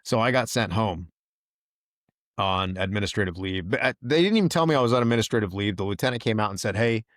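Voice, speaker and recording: Low-voiced man telling a story. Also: quick pace, dry recording, clean studio sound. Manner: animated retelling, quotes others in raised voice. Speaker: podcast host, veteran. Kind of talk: casual storytelling chat.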